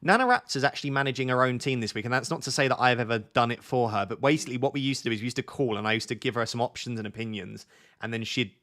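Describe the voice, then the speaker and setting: A man's voice: mid-range voice, racing, a bit bright. A young man hosting a fantasy football livestream, chatting casually and teasing his guest. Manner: joking, teasing. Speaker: livestream host. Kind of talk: casual chat.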